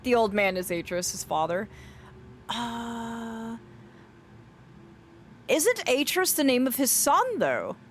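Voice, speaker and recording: A woman streaming a game, chatting playfully with her viewers and reading in-game journals aloud in a soft storytelling voice. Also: on the high side, big pitch swings, slow, long pauses, slight background noise. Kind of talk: gameplay commentary with a read-aloud journal.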